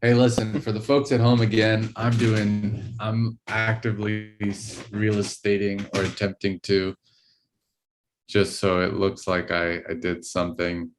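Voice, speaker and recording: Low-voiced man rambling through a story. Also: level tone, unhurried, background noise. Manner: laughing, rambling storytelling with many fillers. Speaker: podcast co-host. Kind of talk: casual chat.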